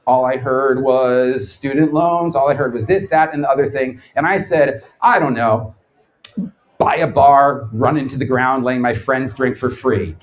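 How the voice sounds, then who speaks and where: A man in his thirties giving a comedic live lecture, sardonic and animated, acting out quotes in his stories. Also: medium pitch, normal speed, low-quality recording. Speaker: lecturer, former quiz show champion. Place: bar event space before a live audience.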